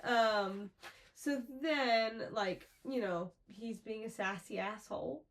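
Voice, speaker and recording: A woman's voice: fairly high pitch, slow, fairly bright tone. Gushing woman podcast co-host. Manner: enthusiastic, gushing, laughs often. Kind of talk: casual book discussion.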